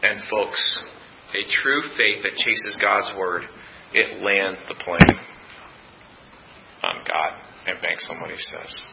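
A man's voice: on the low side, unhurried, vocal fry, muffled recording, heavy background noise. A man preaching a sermon as pastor, emphatic, repeating his points and asking rhetorical questions. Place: church.

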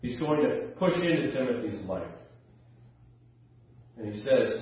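A man preaching a sermon as a pastor, earnest, with soft low asides and raised emphatic passages. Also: animated, a little slow. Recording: roomy, distant mic, slightly dull.

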